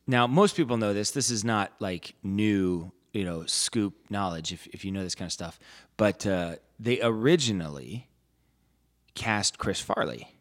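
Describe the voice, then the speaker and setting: A man's voice: fairly low pitch, lively intonation, unhurried. A man co-hosting a podcast, chatting casually and rambling with many fillers and restarts. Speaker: podcast co-host. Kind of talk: casual chat.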